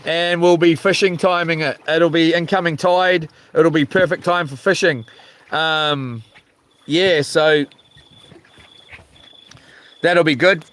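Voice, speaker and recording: A man's voice: a little high, fairly even intonation, takes it slowly, pauses often, fairly bright tone. A man with a New Zealand accent casually chatting on a fishing live stream, reading viewer comments aloud with lots of fillers and restarts. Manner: rambling, reads chat aloud with many fillers and restarts. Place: outdoors by the sea while fishing.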